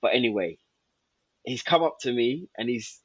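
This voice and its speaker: A man's voice: medium pitch, expressive, moderate pace, husky, dry recording, highs cut off. A man, a podcast guest telling a story and acting out old conversations.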